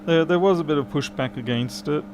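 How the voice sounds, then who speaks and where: A man's voice: fairly high pitch, fairly quick. Chatty man in a noisy workshop. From Australia. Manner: chatty, dry humour, answers chat questions. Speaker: repair streamer. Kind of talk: casual live-stream chat while working.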